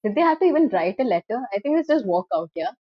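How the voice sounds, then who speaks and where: A young woman, co-hosting a casual podcast chat and telling animated stories full of "like" and "okay". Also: fairly high pitch, quick pace, dry recording, lo-fi sound. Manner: animated storyteller, lots of "like" and "okay". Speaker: podcast co-host.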